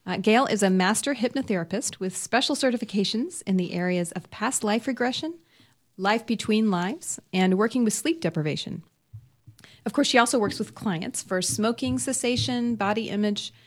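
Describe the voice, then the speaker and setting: A woman's voice: medium pitch, moderate pace. A woman co-hosting a radio talk show in casual chat, friendly and laughing often. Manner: friendly, laughs often, stumbles over long names. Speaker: radio co-host.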